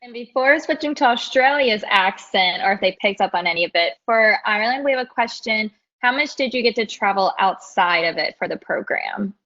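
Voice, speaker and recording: A woman's voice: mid-range voice, expressive, brisk, few pauses, bright, forceful tone, lo-fi sound. A young woman moderating a live question session over a video call, upbeat and reading out questions. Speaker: event moderator.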